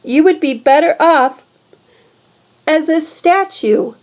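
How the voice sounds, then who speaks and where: A snake-haired old monster woman coaxes in a slow, soothing purr, pitched fairly high for a woman, as a storybook reader puts her on. She sounds gentle and wheedling, with menace underneath. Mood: coaxing.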